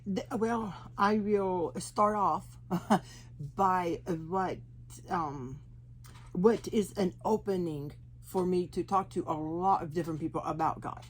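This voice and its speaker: Oklahoma-accented woman, lower voice, halting post-stroke speech, chatty testimony, faint room hum behind. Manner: chatty, laughs often. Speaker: interview guest. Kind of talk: personal testimony.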